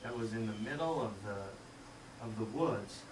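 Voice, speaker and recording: A middle-aged man, a school superintendent, telling a childhood story in an animated way, acting out voices and sound effects. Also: lowish voice, measured pace. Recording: echoey room, distant mic, faint hiss.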